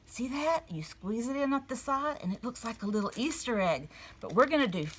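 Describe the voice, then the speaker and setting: A woman giving a gentle storytelling lesson to young children at a table. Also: on the high side, lively intonation, fairly quick, slight background noise. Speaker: children's church teacher. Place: indoors at a table.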